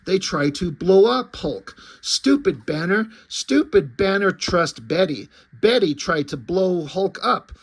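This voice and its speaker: A man's voice: high voice, expressive, takes it slowly, vocal fry, few pauses, slightly rough, heavily acted. A man voicing a dim-witted, raging green giant who talks in choppy broken grammar. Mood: resentful.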